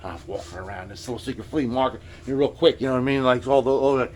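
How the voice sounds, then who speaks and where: A middle-aged man speaks rapid-fire at a fairly low pitch, his intonation lively and his tone a little mellow, with a faint hiss or hum on the recording. A guitar repair vlogger in his home workshop, with a furnace in the background, he rambles casually, stammering, muttering through filler, and often fading to near whispers.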